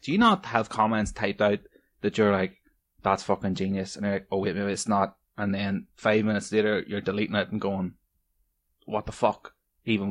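A man's voice: fairly low pitch, no echo. A young man hosting a casual solo podcast, stoned, rambling and swearing with frequent laughter. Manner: rambling, profane, laughing often. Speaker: podcast host.

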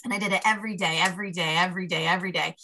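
Bright-voiced woman telling a story. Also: on the low side, very fast, slight background noise. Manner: animated, laughing storyteller who acts out inner dialogue. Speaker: life coach. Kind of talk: storytelling in a podcast conversation.

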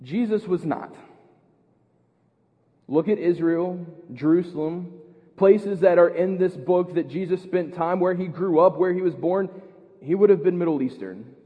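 An American man preaching a sermon as pastor, earnest, repeating words and building to loud emphasis. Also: sits high, measured pace, long reverb tail, narrow, tinny audio. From United States. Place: church.

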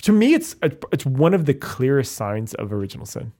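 A man, a Catholic priest, talking in a relaxed, animated chat full of fillers like "like" and "you know". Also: mid-range voice. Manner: fast, animated, many fillers. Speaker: Catholic priest, podcast co-host. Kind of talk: casual chat.

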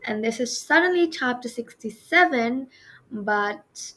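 A woman reading a children's storybook aloud, expressive, with chatty asides to listeners. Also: a little high, a little slow, low-quality recording. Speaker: audiobook reader.

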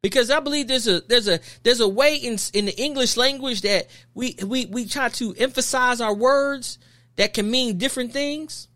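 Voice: medium pitch, moderate pace, a bit bright. A podcast host delivering an emphatic, preachy opinion monologue full of rhetorical questions and repeated phrases.

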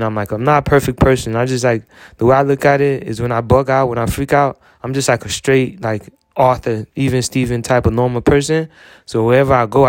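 Young male podcaster, smooth dry voice, rambling, profane, filler-heavy monologue. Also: mid-range voice, no room sound. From United States. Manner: rambling, repeats filler phrases, swears often. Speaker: podcast host.

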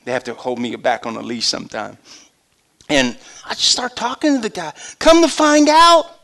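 An older man, a pastor, preaching a sermon with animated storytelling that swings between loud and hushed. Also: on the high side, normal speed.

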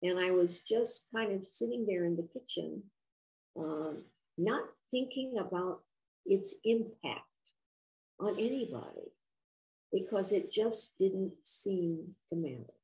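An older woman, an author, telling a personal story in an interview in a reflective, earnest, unhurried way. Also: mid-range voice, animated, a little mellow, low-quality recording.

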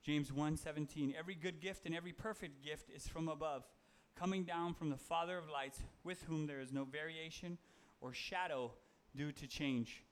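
A man's voice: on the high side, normal speed, hardly any pauses, clean tone. A man giving a casual, conversational sermon, reading Bible verses and talking them through with fillers and self-corrections. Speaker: preacher.

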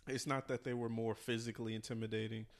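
A man who is a podcast guest, calmly offering a measured opinion in casual banter. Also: mid-range voice.

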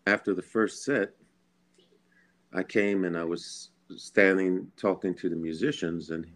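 A man from Philadelphia, a guest musician, telling a personal story in a podcast interview from home, earnest and animated, chuckling and repeating words. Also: low-pitched. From Philadelphia, USA.

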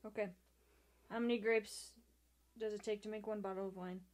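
A woman in a casual trivia chat with friends, talking in an animated, giggly and jokey way. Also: medium pitch, moderate pace.

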